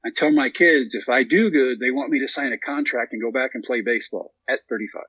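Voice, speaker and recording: A man's voice: medium pitch, fairly quick, slightly rough, no echo, lo-fi sound. A man in his thirties from Texas, a guest telling a long story and acting out what people said. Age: 30s. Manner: animated storyteller acting out quotes. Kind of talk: storytelling interview.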